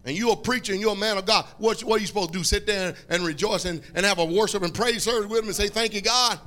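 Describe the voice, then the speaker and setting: A man preaching a fiery sermon, repeating phrases, calling for responses and breaking into shouts. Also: sits high, rapid-fire.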